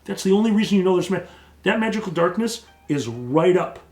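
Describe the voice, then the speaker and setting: A man running a tabletop game as game master, slowing down to narrate the action in vivid detail. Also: high voice, lively intonation, darkish tone, echoey room, faint music behind. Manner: slows down for vivid descriptive narration.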